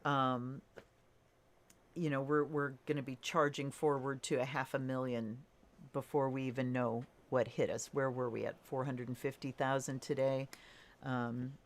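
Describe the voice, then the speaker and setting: A woman reads tarot cards in a relaxed, unhurried voice. Her voice sits low, and she pauses often with fillers as she thinks aloud. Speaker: tarot reader. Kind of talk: casual tarot reading to camera.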